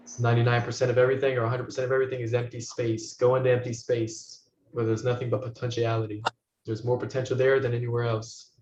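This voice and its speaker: A man teaching as a spiritual guide, talking listeners through a meditation in soft, slow, repeated phrases that often sink to a hush. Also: mid-range voice, flat delivery. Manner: soft-spoken, slow, repetitive guidance, often dropping to a hush. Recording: roomy, dull recording with faint noise.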